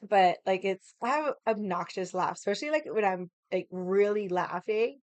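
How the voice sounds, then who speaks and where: Raspy-voiced woman telling a story. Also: medium pitch, normal speed, no echo. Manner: chatty, lots of fillers and acted quotes; loud laughs. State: raspy from losing her voice. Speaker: vlogger. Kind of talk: casual storytelling chat.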